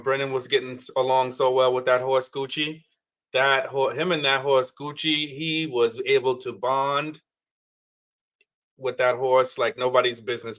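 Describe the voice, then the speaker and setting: A man's voice: mid-range voice, fairly bright tone. A man commenting on a reality show in an incredulous, mocking way. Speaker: panel co-host. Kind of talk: casual commentary chat.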